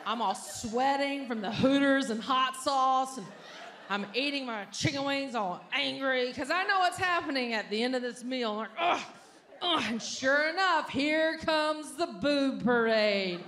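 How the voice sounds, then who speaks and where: Animated woman comic in echoey venue. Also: high-pitched, unhurried. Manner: animated, shouting punchlines, acting out scenes. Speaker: stand-up comedian. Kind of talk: stand-up storytelling. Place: large comedy venue with audience. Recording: echoey venue, loud audience noise.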